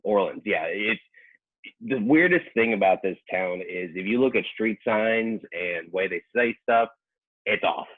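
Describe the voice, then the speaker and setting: A man with a low, husky voice chats casually as a guest. He speaks hesitantly and often restarts his sentences, and his voice comes through a narrow, tinny line that sounds like a phone call. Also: animated, measured pace. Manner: hesitant, full of restarts, laughs easily. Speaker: professional cook, podcast guest. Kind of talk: casual chat.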